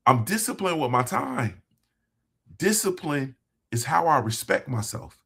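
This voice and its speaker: A man's voice: mid-range voice, big pitch swings, a little slow, vocal fry, sharp tone, slightly rough. A man hosting a motivational talk for his viewers, speaking in a conversational, emphatic way, repeating phrases for emphasis. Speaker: host.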